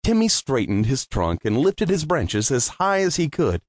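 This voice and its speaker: Expressive man narrating a storybook. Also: medium pitch, moderate pace, few pauses, no echo, studio quality. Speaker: audiobook narrator.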